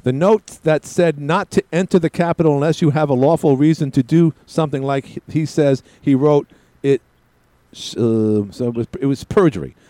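A man's voice: fairly high pitch, moderate pace, warm tone, dry recording. A man hosting a talk radio show, rambling and tripping over his words, often cutting callers off. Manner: interrupts callers. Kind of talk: casual talk radio chat.

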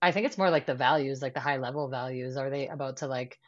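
Woman guest, very low pitch, chatty and full of fillers, slightly dull lo-fi sound. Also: fast talker. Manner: chatty, lots of fillers and quoted asides. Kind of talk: casual podcast chat.

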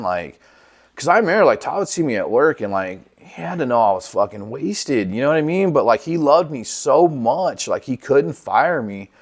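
Laid-back man telling a rough story. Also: mid-range voice, big pitch swings, moderate pace, darkish tone. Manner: profane, laid-back, acts out quoted dialogue. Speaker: guest sharing his recovery story. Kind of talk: casual storytelling.

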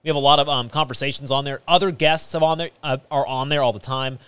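A man's voice: medium pitch, fairly even intonation, quick pace, fairly bright tone, clear, resonant tone, dry recording. A man hosting a podcast in a small studio, chatting casually and rambling with many fillers and restarts. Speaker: podcast host. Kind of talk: casual chat.

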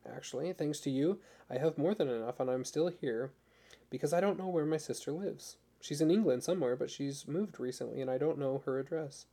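Shy, earnest young woman, hesitant and polite, voiced by a man in his own gravelly tone. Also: a little high, a little fast, warm tone.

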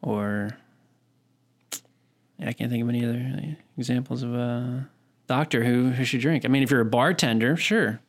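A man in his thirties co-hosting a casual chat show, often stopping and restarting his sentences. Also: medium pitch. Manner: rambling, halting restarts. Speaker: podcast co-host.

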